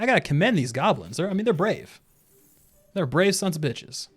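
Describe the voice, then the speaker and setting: A man's voice: on the high side, very animated, moderate pace, slightly rough. A young man giving casual, rambling commentary while he plays a video game, often laughing to himself. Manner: laid-back, laughing, rambling asides. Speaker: streamer.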